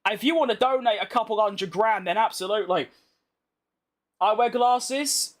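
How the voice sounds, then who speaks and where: A young British gaming streamer casually commentates over his racing game, chatting bluntly with viewers, reading their messages, and bantering back. His voice sits high and he talks at a moderate pace.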